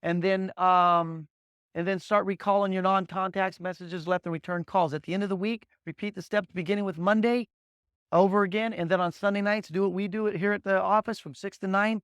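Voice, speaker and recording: Man, high voice, motivational sales trainer, energetic storyteller, dry close sound. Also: brisk, smooth, no room sound. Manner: energetic storyteller, drills points with repeated "guess what" and "okay?"; blunt, punchy coaching delivery. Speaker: agency leader training new agents.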